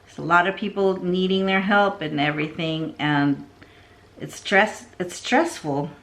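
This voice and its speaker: A middle-aged woman telling a long story in a casual, rambling way while she arranges plants, often dropping into soft asides. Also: on the low side, a little slow. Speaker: succulent vlogger.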